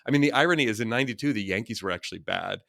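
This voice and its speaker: A man around fifty from Northern California, a former baseball player telling lively, earnest stories as a podcast guest. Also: on the low side, gravelly, dry recording, clean studio sound. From Northern California, USA. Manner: lively anecdotal storyteller, quick and earnest. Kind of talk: casual interview storytelling.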